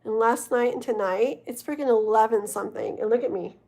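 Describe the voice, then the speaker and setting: A woman's voice: on the high side, a little fast, creaky, a little mellow. A young woman, tired and yawning, chatting casually and rambling with her live chat between tarot readings, laughing often. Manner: rambling, giggly, talks to chat. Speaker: livestream tarot reader.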